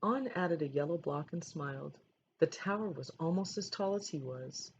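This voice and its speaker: A woman teacher with a low voice reads a picture book aloud, measured and gentle. The recording is dull and lo-fi with faint hiss underneath. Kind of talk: storybook read-aloud.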